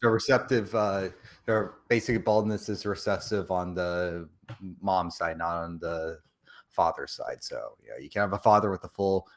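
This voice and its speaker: A man's voice: deep voice, normal speed. A young man in casual chat, rambling with many restarts and jokingly dropping or raising his voice. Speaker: co-host.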